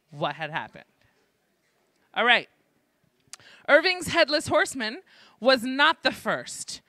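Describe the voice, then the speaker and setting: Medium in pitch, the voice sounds pushed and bright, with no echo at all. It belongs to a host with a New York accent who runs a live trivia game show inside a library at a student event, throwing jokey, playful asides to the crowd.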